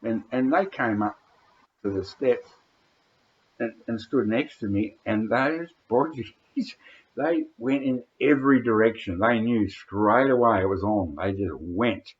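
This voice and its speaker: Speaking a little slowly with a fairly low pitch, an older Australian vlogger wanders through anecdotes from his past. Fillers, hesitations and restarts fill his speech, captured in a dull lo-fi recording.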